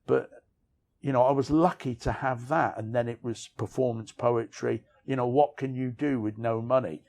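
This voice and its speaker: A man's voice: medium pitch, steady tone, normal speed, creaky, a little mellow. A middle-aged man, an author, telling candid, rambling stories of his past outdoors on city streets, frank and self-deprecating. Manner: rambling, frank, self-deprecating, peppered with "you know what I mean". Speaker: author interviewee. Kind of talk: candid storytelling conversation.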